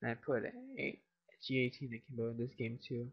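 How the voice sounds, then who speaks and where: A man's voice: mid-range voice, very animated, normal speed, muffled recording. A tired teenage boy commentating his shooter gameplay casually, mumbling and swearing often.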